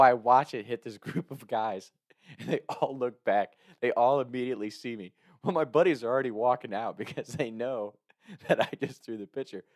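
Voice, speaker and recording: A man's voice: medium pitch, a little mellow, no echo, clean studio sound. A young adult man hosting a podcast, telling a casual story and chuckling often. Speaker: podcast host.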